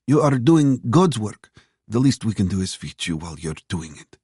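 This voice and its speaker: A man voicing a kindly waitress in her late sixties, speaking high and soft with a Russian accent. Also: sing-song, moderate pace, breathy edge, dry recording, clean studio sound. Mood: fond. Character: kindly older woman diner waitress, motherly and warm.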